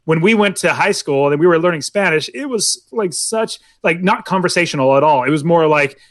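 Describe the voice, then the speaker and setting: A man's voice: on the high side, expressive, brisk, no echo, clean studio sound. A man co-hosting a casual movie podcast, telling stories in a rambling way, full of "like" and restarts. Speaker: podcast co-host.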